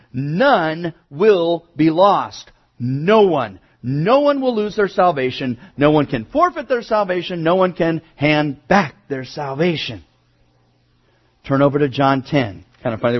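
A male pastor preaching a sermon, moving from quiet asides to emphatic raised declarations. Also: on the high side, highs cut off.

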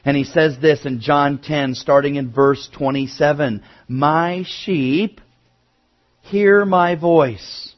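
High-voiced emphatic male preacher. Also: takes it slowly, dull audio. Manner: emphatic preaching, swings from quiet asides to raised declarations. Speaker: pastor. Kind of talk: sermon.

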